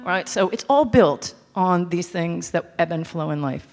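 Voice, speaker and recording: A woman's voice: lowish voice, animated, measured pace, a little mellow, soft background music. Woman, 50s, composer, master class, candid and self-mocking, long hall echo, faint instrument behind. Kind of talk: lecture to a live audience. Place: large hall with audience.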